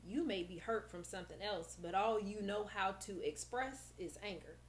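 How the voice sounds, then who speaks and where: A woman's voice: medium pitch, moderate pace. A woman therapist speaks in a casual podcast chat, her voice rising and falling as she acts out talks with her young clients. She often breaks into laughter. A faint hum sits under the recording. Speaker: therapist guest.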